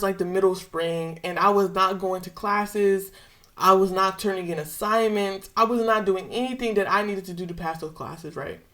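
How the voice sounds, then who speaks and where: A woman's voice: mid-range voice, fairly bright tone. A young woman vlogger casually retelling a personal story with slang and emotion.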